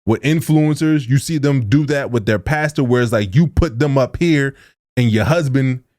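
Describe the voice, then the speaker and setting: A man's voice: mid-range voice, moderate pace, a little mellow. A young adult man co-hosting a podcast, talking casually and earnestly, with informal, preachy speech. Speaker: podcast co-host.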